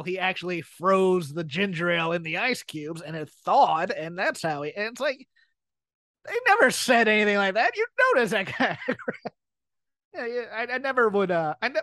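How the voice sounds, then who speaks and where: A podcast co-host chats casually, joking, rambling and laughing a lot. His voice is high-pitched with a fairly bright tone, and there's no room sound.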